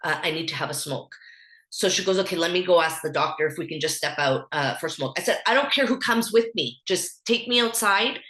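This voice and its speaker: A woman's voice: fairly low pitch, lively intonation, brisk, fairly bright tone. A woman in her thirties with a Canadian accent, a podcast guest telling a personal story candidly, with lots of fillers. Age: 30s. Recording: echoey room.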